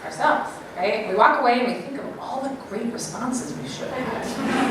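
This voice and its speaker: A woman giving a live talk to an audience, animated, acting out little quoted voices and often checking in with the crowd. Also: on the high side, moderate pace. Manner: animated, acts out quoted voices, keeps asking "right?". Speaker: speaker at an event. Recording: very echoey room, mic far off, faint noise.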